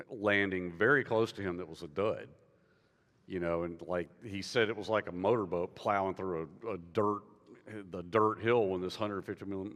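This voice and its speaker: Brief: low-voiced male author guest on a conference stage, rambling storyteller full of fillers, long hall reverb. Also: fairly bright tone. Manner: rambling, many fillers and restarts. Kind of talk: panel conversation, storytelling.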